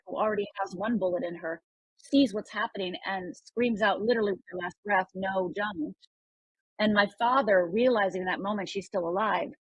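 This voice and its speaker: A woman's voice: medium pitch, slightly rough, no room sound, highs cut off. An older woman from Upper Michigan, a guest telling a personal story in an earnest, emphatic way. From Upper Michigan, United States.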